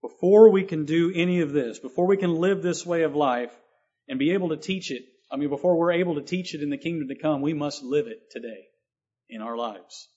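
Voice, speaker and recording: A man's voice: on the high side, a little fast, mellow. A man preaching a sermon, reading scripture and expounding it earnestly, with emphatic swells on key lines. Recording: dull lo-fi recording.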